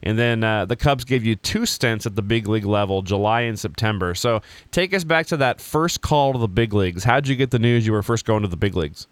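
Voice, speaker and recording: A man's voice: lowish voice, a little fast, few pauses, no echo. A male host asks a guest about his career, reading out statistics in a prepared way. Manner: well-prepared, reads stats, friendly laughter. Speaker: interviewer, host. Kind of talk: interview questions.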